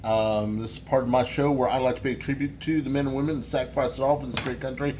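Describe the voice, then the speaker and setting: A mid-pitched man hosts a casual beer review, rambling from thought to thought. He swears freely and keeps restarting his sentences. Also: steady tone, fast, noisy background.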